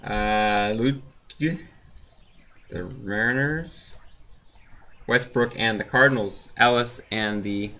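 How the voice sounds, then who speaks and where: Slow, low-voiced man reading off cards. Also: bright, forceful tone. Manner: laid-back, reads off player names and teams with asides. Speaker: card collector opening packs. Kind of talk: casual running commentary.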